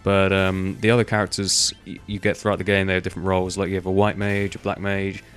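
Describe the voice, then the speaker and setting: A young man chats loosely through a game, full of fillers and offhand swearing. His voice sits very low, with faint music behind him. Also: completely flat delivery, quick pace, a bit bright. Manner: rambling, swears casually, many fillers. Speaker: gaming video host. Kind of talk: casual gameplay commentary.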